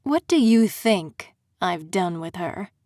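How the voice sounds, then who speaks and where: A woman's voice: fairly low pitch, animated, a little mellow, no echo, clean studio sound. Woman voicing a smug, taunting male fae prince. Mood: condescending. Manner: slow, taunting, condescending.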